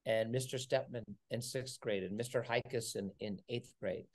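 A middle-aged man telling a story as an interview guest, energetic and animated, acting out the voices of the people in it. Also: mid-range voice, normal speed. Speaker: podcast guest, entrepreneur.

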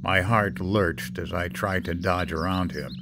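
A man reading a horror story aloud in a measured, dramatic storytelling manner, with a hum in the recording. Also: deep voice. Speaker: narrator. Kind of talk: scripted horror story narration.

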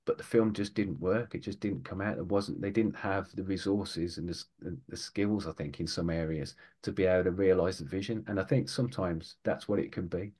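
A man's voice: low voice, a little mellow, slightly rough. A British man, an author being interviewed on a podcast, talking in a rambling, thoughtful way and often correcting himself. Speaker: guest author.

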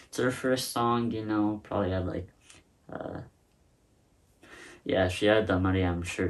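A deep-voiced man with a gravelly, fry-heavy tone rambles through a casual reaction, stopping and restarting often. He sits a little back from the phone mic. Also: far from the mic. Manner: rambling, hesitant, many fillers and restarts. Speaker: host reacting to a song.

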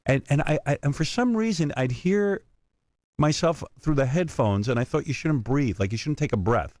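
A man's voice: on the high side, expressive, moderate pace, a little mellow, dry recording, studio quality. A man hosting a radio show, telling a long story and acting out the voices of the people in it. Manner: acts out other people's voices, with emphatic asides. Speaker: radio host. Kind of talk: animated storytelling.

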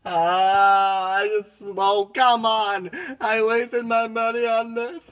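A man's voice: high-pitched, little pitch movement, slow, lo-fi sound, a little hiss or hum. A man filming a playful parody home tour on his phone, grumbling in mock complaint and slipping into silly exaggerated voices. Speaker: vlogger. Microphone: phone camera.

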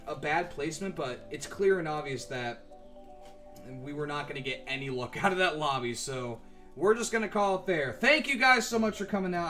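A man's voice: medium pitch, bright, forceful tone. A man commentating his own live game stream, cursing at the game and then thanking viewers. He says he is losing his voice. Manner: frustrated swearing, then friendly sign-off.

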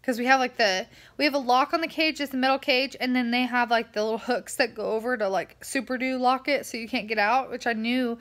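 A woman's voice: a little high, steady tone, a little fast, hardly any pauses, a bit bright. A tired young woman, rambling through a casual vlog rant full of fillers. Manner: chatty, rambling, lots of "like" fillers. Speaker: vlogger.

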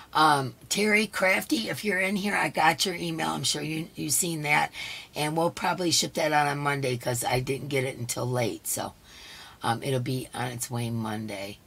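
A hoarse woman hosting a casual live stream. She chats along and greets each viewer by name. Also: low-pitched, fairly bright tone. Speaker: livestream host.

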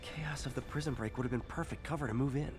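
An actor playing a young male superhero who mutters wry, brisk remarks to himself in a video game. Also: medium pitch, close to an everyday voice. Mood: focused. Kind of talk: voiced game dialogue. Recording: game audio under music.

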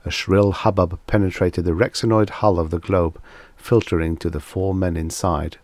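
Brief: male audiobook narrator, deep voice, steady and even. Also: moderate pace, no room sound. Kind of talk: audiobook reading.

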